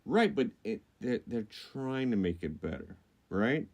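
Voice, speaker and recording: A man's voice: mid-range voice, big pitch swings, measured pace, lo-fi sound. A man co-hosting a podcast, reading news items and riffing on them, loose and profane. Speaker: podcast co-host.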